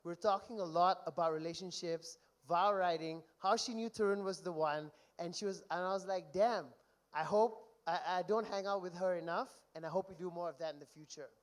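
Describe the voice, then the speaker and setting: A young man giving a best man speech at a wedding reception, telling stories and reading texts aloud in an animated way. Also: sits high, brisk. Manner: animated storytelling, mock-reads texts aloud.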